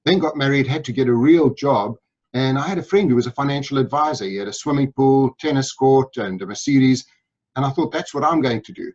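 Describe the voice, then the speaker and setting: A man's voice: medium pitch, a little fast, darkish tone. Upbeat South African man, lo-fi audio. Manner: upbeat, enthusiastic storytelling. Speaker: guest sales speaker. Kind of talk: interview.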